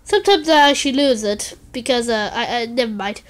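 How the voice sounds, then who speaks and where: A woman's voice: fairly high pitch, brisk. A woman performing a playful improvised plush toy skit, sing-song and switching between silly character voices. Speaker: plush toy video maker.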